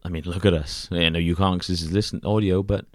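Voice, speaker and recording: Man, deep voice, rambling profane co-host, dry recording. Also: steady tone, quick pace, dry recording. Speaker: podcast co-host. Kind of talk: casual crude banter.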